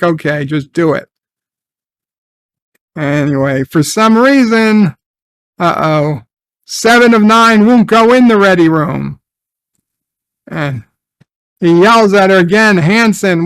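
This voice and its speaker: Gravelly, sarcastic man recapping a TV episode. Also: a little high, fairly bright tone, no room sound. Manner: sarcastic, swears, trails off in restarts. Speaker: TV episode reviewer. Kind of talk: casual recap and commentary.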